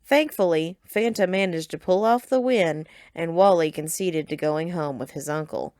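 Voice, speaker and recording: Woman with a low voice telling a story. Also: normal speed, darkish tone, no room sound. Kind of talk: storybook narration of a game playthrough.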